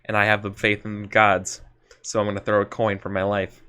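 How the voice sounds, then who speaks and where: Man, bright tone, lowish pitch, casual role-play chatter, lots of fillers. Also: completely flat delivery, a little fast, clear, resonant tone. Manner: rambling, many fillers and restarts. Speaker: player.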